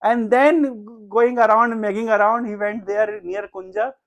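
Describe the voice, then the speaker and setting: A man's voice: high-pitched, steady tone, unhurried, a bit bright. Earnest man telling a devotional story. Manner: earnest, conversational, with many fillers and restarts. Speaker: speaker at a devotional house program. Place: home gathering.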